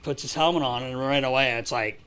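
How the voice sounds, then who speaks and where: A man co-hosting a podcast in a studio, telling animated stories with frequent laughter and swearing. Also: medium pitch, fairly quick, clean tone. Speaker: podcast co-host. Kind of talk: casual storytelling.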